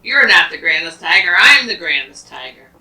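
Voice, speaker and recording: Woman doing loud boastful tigers. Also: moderate pace. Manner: booming, boastful. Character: boastful vain male tigers, loud and threatening. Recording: roomy, from a distance.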